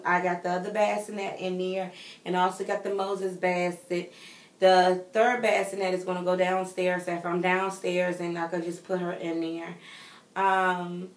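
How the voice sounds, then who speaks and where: Pregnant woman vlogger, chatty and expressive, addressing viewers, echoey room, mic placed a bit far off. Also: lowish voice. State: heavily pregnant. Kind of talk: casual chat to viewers. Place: home nursery room.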